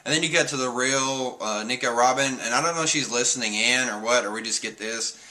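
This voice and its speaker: A man's voice: medium pitch, a little fast, bright, forceful tone. A man streaming, casually rambling through a comic chapter review, chuckling often and swearing now and then. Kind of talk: casual chat.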